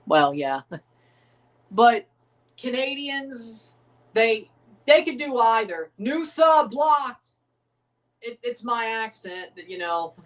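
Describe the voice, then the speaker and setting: A man's voice: extremely high pitch, very animated, takes it slowly, long pauses, a bit bright, far from the mic. Rambling man, mic set back. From United States. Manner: rambling, chuckling, casual drawl. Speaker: streamer reacting to a match. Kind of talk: live watchalong commentary.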